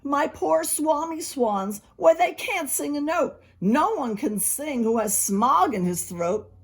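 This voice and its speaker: A woman's voice: high voice, lively intonation, takes it slowly, voice pushed up, exaggerated voice. A woman doing a scolding little forest creature. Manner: scolding, indignant. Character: small grumpy old forest creature, scolding.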